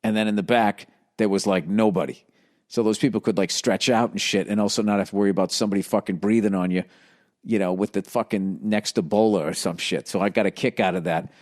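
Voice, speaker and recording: A man's voice: fairly low pitch, steady tone, quick pace, a little mellow. A middle-aged man hosting a comedy podcast, telling a rambling, profane story that works up into heated ranting. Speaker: podcast host.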